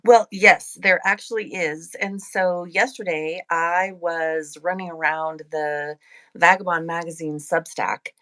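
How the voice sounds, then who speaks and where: A woman's voice: lowish voice, steady tone, unhurried, fairly bright tone. A woman co-hosting a live audio chat room as a magazine editor, cheerful and enthusiastic.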